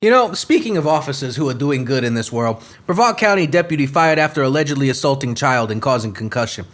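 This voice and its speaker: A man's voice: mid-range voice, lively intonation, quick pace, fairly bright tone. A man in his twenties hosting a satirical podcast, reading news stories aloud and mocking them with profane rants. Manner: profane, mocking, switches into goofy voices. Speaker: podcast host.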